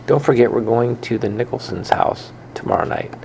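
A man reading the lines of a calm, reassuring mother in a children's story. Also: medium pitch, moderate pace, creaky, slight background noise, lightly acted.

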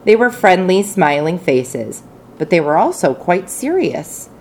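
A woman narrating an audiobook with expressive, animated storytelling. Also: on the low side, measured pace, slight background noise. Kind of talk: audiobook reading.

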